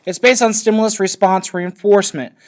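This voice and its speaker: A man's voice: high-pitched, steady tone, fairly quick, darkish tone, a little hiss or hum. A man teaching a class in a loose, conversational lecture, often checking in with his students. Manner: loose, checks in with frequent "okay?".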